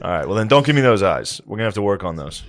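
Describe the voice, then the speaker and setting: A man's voice: on the low side, very animated, rapid-fire, dry recording. A man co-hosting a comedy podcast, crude and joking, laughing often in casual banter. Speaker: podcast co-host.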